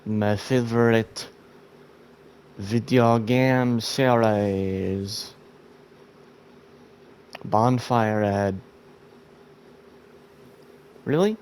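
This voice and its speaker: Freshly awake and drowsy, a man talks through his game in rambling, self-mocking let's-play commentary. His lowish, darkish voice holds a steady tone at an extremely slow pace with long pauses, and a little hiss or hum sits underneath.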